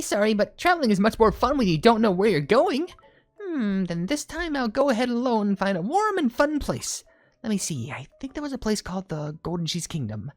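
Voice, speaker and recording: A woman's voice: medium pitch, dry recording, natural voice. Bubbly cookie girls, voiced by a woman. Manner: perky, bouncy. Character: bubbly young female cookie characters. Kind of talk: game cutscene voice acting.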